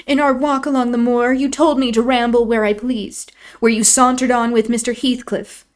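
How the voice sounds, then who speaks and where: A woman's voice: on the high side, flat delivery, moderate pace, voice pushed up, lightly acted. A woman reading aloud, voicing a tearful, infatuated young girl who pleads in a raised, wounded voice.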